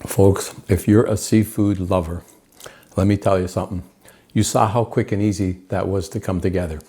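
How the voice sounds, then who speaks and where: A man's voice: sits low, steady tone, moderate pace, warm tone. A man hosting a home cooking show, enthusiastic and chatty, calling the viewers folks as he cooks in his kitchen. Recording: clear background frying noise. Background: sizzling pan.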